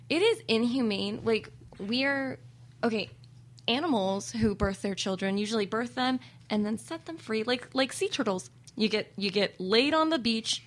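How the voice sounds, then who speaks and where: Young woman co-host, a bit high-pitched, blunt and profane, laughs easily. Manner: frank, swears, laughs often. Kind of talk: casual podcast chat.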